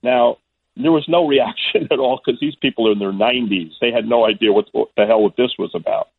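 A man in his sixties from Florida, a guest sportscaster telling stories in a phone interview, animated and stammering on restarts. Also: medium pitch, fairly quick, a little hiss or hum. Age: 60s. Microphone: telephone. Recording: husky, dry phone line.

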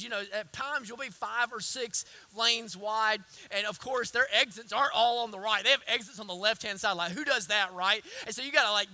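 A man preaches a sermon with a very high voice. He drops to near-hushed lines, then rises to loud, impassioned ones, with folksy asides to his listeners. His tone is sharp and bright. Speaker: pastor.

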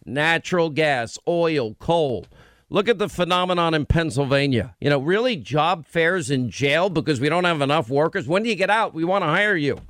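A man's voice: on the high side, animated, a bit bright, no echo. A man hosting a talk radio show from a studio, joking and brash, often cutting in on his guests. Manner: brash, joking, quick to interrupt. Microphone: studio microphone.

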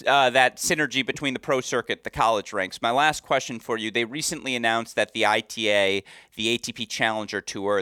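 A man's voice: fairly low pitch, pushed and bright, clean tone, no room sound, clean studio sound. A man hosting a tennis interview, asking long winding questions. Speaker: tennis podcast host.

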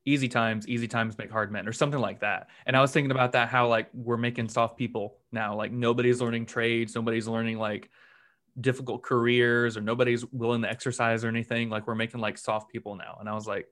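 A man's voice: medium pitch, flat delivery, fast talker, fairly bright tone. A man hosting a podcast, chatting casually in a loose, rambling way full of fillers. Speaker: podcast host.

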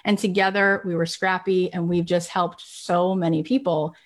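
Animated woman telling motivational stories. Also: lowish voice, moderate pace. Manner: animated storyteller, acts out quoted voices. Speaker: podcast host. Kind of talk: motivational talk.

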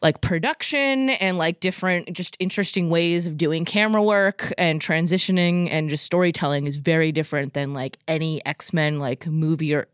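Lowish-voiced woman rambling on a podcast, lots of likes, dry studio sound. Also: moderate pace, hardly any pauses, clean tone, dry recording. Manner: rambling, animated, many "like"s. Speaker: podcast host. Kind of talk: casual chat.

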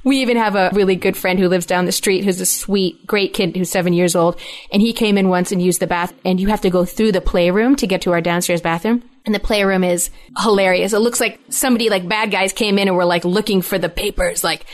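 A middle-aged woman in casual chat, telling animated stories full of laughter and acted-out quotes. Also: medium pitch, brisk. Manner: animated storyteller, laughs often, acts out quoted voices.

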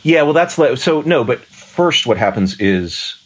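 A man's voice: medium pitch, big pitch swings, a little slow, slightly rough. A man co-hosting a podcast, chatting casually about a movie, rambling with restarts and laughs. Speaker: podcast co-host. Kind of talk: casual chat.

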